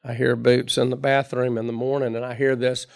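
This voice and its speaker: A man's voice: medium pitch, gravelly. A middle-aged man telling his recovery story in a folksy, chatty way, laughing at himself. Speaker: recovery meeting speaker. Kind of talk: personal storytelling talk.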